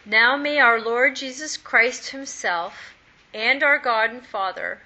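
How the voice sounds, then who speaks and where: A woman reading scripture aloud in a steady, measured way during a Bible study. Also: on the high side. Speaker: scripture reader. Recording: dull lo-fi recording.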